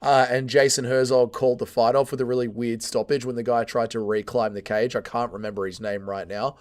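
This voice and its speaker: A man's voice: medium pitch, flat delivery, a little fast. An Australian man hosting a casual livestream, reading out chat comments with blunt, crude banter, his voice tired and sore. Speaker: livestream host.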